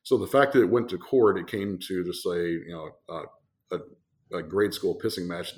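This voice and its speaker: Low-voiced, rambling brewery storyteller. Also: male voice, moderate pace. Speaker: brewery guest. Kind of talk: casual storytelling.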